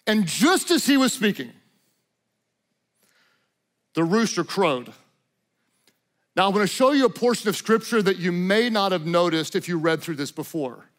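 A male preacher with a high voice who delivers his sermon dramatically. He drops to hushed, slow lines and then builds up to shouting.

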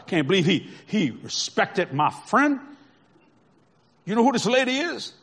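A man's voice: high-pitched, big pitch swings, measured pace, pauses often, fairly bright tone, husky. A man preaching a sermon through folksy stories, chuckling often and checking that his listeners follow. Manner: folksy, conversational, asks the audience if they follow. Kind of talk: storytelling sermon.

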